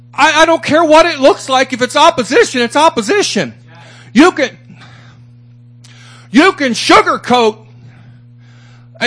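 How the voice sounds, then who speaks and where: A man with an extremely high, slightly bright voice preaches to a small church gathering. He is fervent, repeating and escalating his lines to drive each point home.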